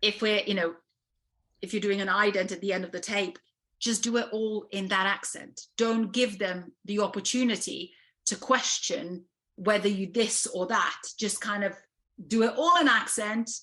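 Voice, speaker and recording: A woman's voice: mid-range voice, moderate pace, pushed and bright. A woman with a Serbian accent, a casting director speaking frankly in an interview, with many fillers and restarts. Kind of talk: interview conversation.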